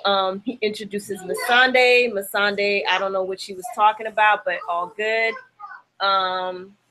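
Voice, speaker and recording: A woman's voice: mid-range voice, background noise. Chatty young woman recapping a show. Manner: chatty, laughs often, acts out lines from the show. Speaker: podcast host. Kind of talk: casual TV recap chat.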